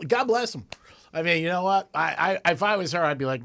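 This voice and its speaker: A man hosting a radio talk show in a studio, ranting in an animated, exasperated way. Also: sits high, moderate pace.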